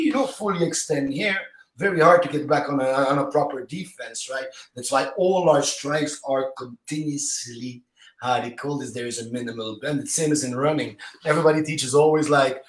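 A somewhat high-voiced man talks casually as a guest, telling animated anecdotes in choppy, fragmented bursts full of "you know". His voice rings out in a noticeably echoey room. He sounds like a martial arts teacher sharing his experiences. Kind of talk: casual interview storytelling. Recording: roomy echo.

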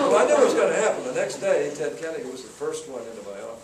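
A man's voice: on the high side, sing-song, racing, few pauses. Older man, folksy storyteller, speaking from far off in an echoing room. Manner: folksy anecdotal, acts out quotes. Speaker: guest speaker, senator. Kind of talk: storytelling talk to students. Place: campus event room. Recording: roomy, from far off, noisy.

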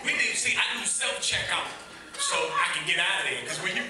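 A man's voice: high-pitched, brisk. A man in his forties from Washington, D.C., performing a stand-up comedy set at a gala and acting out characters in exaggerated voices. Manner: animated, acts out characters in exaggerated voices, talks to the crowd. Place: large event hall with a live audience. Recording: echoey hall, distant mic, loud crowd laughter and noise. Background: audience laughter.

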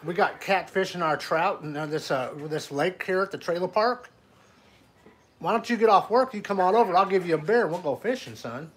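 A man's voice: sits high, normal speed, a bit bright. A man voicing a folksy old trailer-park fisherman in a prank phone call, drawling and calling the caller son. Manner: drawling, calls everyone son, tells tall tales.

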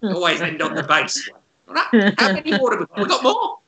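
A man's voice: high voice, very animated, brisk, echoey room, a crowd in the background. A man voicing a cackling old crone woman who hurls silly curses, swinging between cooing and snapping over a video call. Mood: cackling, cursing. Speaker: comedy club co-host. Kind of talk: improvised comic character bit.

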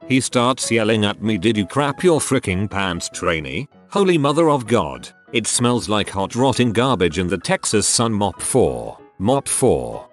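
Lively low-voiced man narrating stories. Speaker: story narrator. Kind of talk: scripted narration of online stories.

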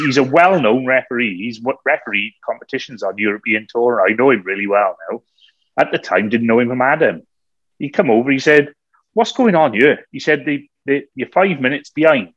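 A man co-hosting a podcast, telling a story in a lively way, often laughing and acting out what people said. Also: mid-range voice, moderate pace, slightly rough, no echo. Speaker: podcast co-host. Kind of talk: anecdotal storytelling. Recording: slightly dull, dry recording.

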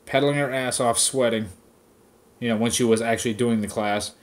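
A man's voice: mid-range voice, fairly even intonation, brisk. A man hosting a podcast, ranting casually with heavy swearing and mocking impressions of people. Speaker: podcast host. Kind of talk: casual profane rant.

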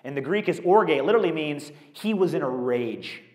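A male pastor preaching a conversational, animated sermon with rhetorical questions. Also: a little high, brisk. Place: school auditorium used as a church. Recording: echoey auditorium.

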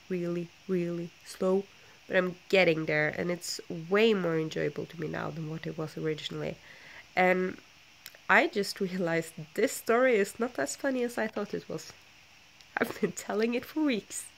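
A woman's voice: on the low side, moderate pace, vocal fry, a little hiss or hum. A young woman with a stuffy nose from a flu, telling a rambling story in a casual vlog, full of fillers and self-corrections. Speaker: book vlogger.

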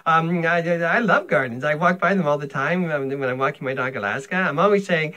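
A man's voice: a little high, brisk, sharp tone. An older man recording a rambling comic video greeting, stammering and interrupting himself with absurd asides.

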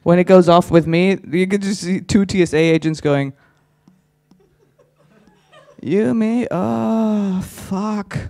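A man's voice: sits high, fairly even intonation, fairly quick, darkish tone, clear, resonant tone, no echo. A man doing stand-up on a conference stage, teasing the audience with crude, chatty crowd work. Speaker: stand-up comedian.

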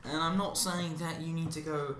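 A man's voice: on the high side, steady tone, normal speed, a bit bright, slight background noise. A man giving a rambling, sarcastic monologue as commentary over gameplay, drifting onto tangents. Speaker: commentary channel host. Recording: roomy echo with faint ambience.

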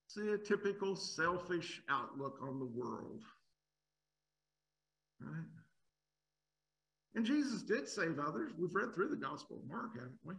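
A man's voice: high voice, lively intonation, a little slow, pauses often, sharp tone, low-quality recording. A man preaching an expository sermon, emphatic, asking rhetorical questions and often repeating words as he builds a point.

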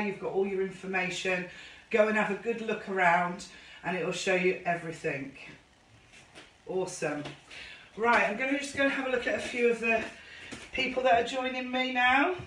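A woman's voice: medium pitch, a bit bright, recorded from a distance, a little hiss or hum. A woman running a line dance class on a live stream, chatty and effusive as she greets viewers by name. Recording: roomy echo, voice off-mic.

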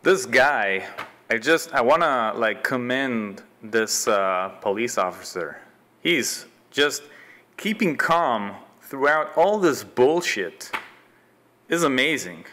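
Man, video commentary, sardonic, mid-pitched, loose casual delivery. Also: animated, slow, bright, forceful tone.

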